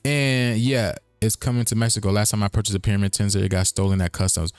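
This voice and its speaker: A man's voice: on the low side, steady tone, fast talker, clear, resonant tone, no room sound. A man hosting a casual livestream, talking in a rambling, repetitive way with chuckling asides. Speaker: streaming show host.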